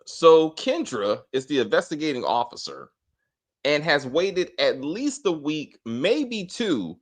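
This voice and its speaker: A man's voice: on the high side, very animated, slow pace. A man hosting a casual spoiler review of a TV episode, blunt and profane, often laughing. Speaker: host of a TV episode review channel.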